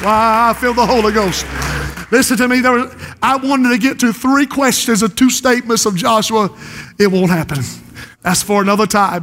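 A man with a South Carolina Lowcountry accent preaching a passionate sermon to a congregation, building to shouted refrains. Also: fairly even intonation, normal speed, some chatter behind. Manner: impassioned, rising to shouted refrains. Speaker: pastor. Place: large church sanctuary. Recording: long reverb of a church hall.

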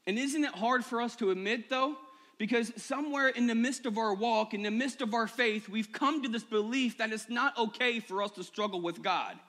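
A male pastor preaching a personal sermon to his church, moving from quiet confession to impassioned, rising appeals. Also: very high-pitched, moderate pace. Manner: personal, builds to impassioned shouting. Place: church sanctuary.

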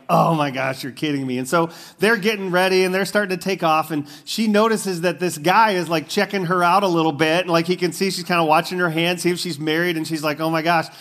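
A man delivers a sermon in a loose, conversational style, full of fillers and quick asides to his listeners. His voice sits a little higher than most men's. He speaks as a pastor addressing his church. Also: a bit bright.

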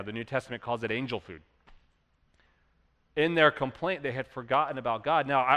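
A man preaching a sermon as pastor, animated, acting out quoted complainers in a raised voice. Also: on the high side, in a large hall.

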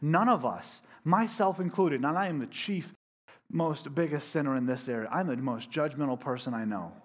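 A male pastor preaching a sermon to a congregation in an animated, emphatic and self-deprecating way. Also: fairly high pitch, moderate pace. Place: church room with a congregation.

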